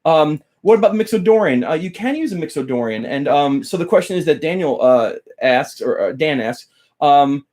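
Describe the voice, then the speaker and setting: A man's voice: a little high, lively intonation, normal speed, a little mellow. A man teaching guitar on a casual live stream, rambling, chatting with viewers by name and losing his train of thought. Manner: greets chat viewers by name while teaching.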